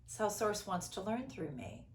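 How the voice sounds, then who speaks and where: A middle-aged woman talking loudly and dramatically, with big inflection and frequent laughs. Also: mid-range voice, very animated, normal speed. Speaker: host. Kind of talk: casual conversation. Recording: echoey room.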